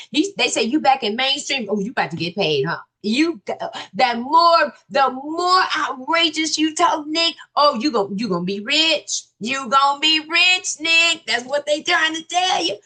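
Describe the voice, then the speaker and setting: A woman hosts a commentary channel, reading out viewer comments and reacting to them with loud exclamations, talking straight to her viewers. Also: high voice.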